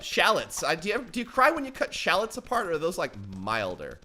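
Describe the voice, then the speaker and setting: A man gives joking let's play commentary in a fairly high, very bright, sharp voice. His pitch jumps around wildly, and he yelps whenever something in the game startles him. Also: brisk, hardly any pauses, slight background noise. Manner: joking, animated, often yelps in surprise. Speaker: gaming channel host.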